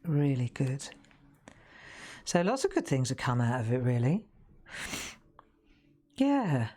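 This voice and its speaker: A woman's voice: very deep voice, sing-song, slow pace, warm tone. A middle-aged woman, chatting casually and laughing often while demonstrating crafts on a live stream.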